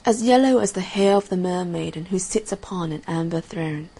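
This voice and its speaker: A woman reading aloud and voicing a vain yellow rose tree in a proud, showy storybook tone. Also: on the low side, moderate pace, breathy edge, rough recording.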